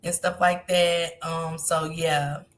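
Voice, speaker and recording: A woman hosting a live stream and talking casually to her viewers about a case, animated and speaking straight to the audience. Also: deep voice, slow. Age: grandmother.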